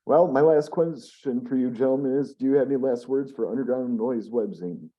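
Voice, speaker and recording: A man's voice: mid-range voice, fairly quick, lo-fi sound. A man hosting a webzine interview in a casual, joking, teasing way. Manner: laid-back, joking, teasing. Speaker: webzine host.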